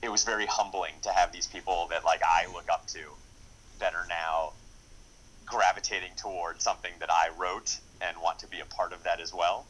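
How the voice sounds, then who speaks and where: This very low-voiced man, a screenwriter and director, speaks at normal speed with a steady, bright, forward tone in a relaxed interview. Eager and rambling, he restarts sentences and stacks fillers, staying enthusiastic the whole way, though the audio is poor.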